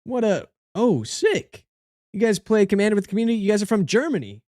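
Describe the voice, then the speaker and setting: A man's voice: high-pitched, big pitch swings, brisk, darkish tone, dry recording, clean studio sound. A man talking casually to his livestream chat, goofy and joking as he reviews game cards.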